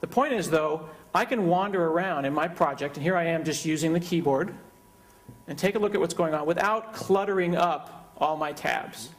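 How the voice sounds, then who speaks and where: A man's voice: a little high, normal speed. Joking man giving a keynote demo. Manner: joking, conversational. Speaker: keynote speaker. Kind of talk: live software demo presentation.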